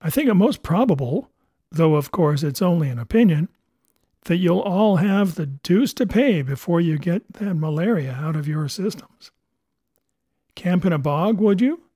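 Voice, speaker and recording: A man voicing a fearless, educated ship's doctor who talks crisply and scolds dryly. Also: high voice, lively intonation, normal speed, warm tone, dry recording, studio quality. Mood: scolding. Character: brisk, fearless male ship's doctor, gentleman.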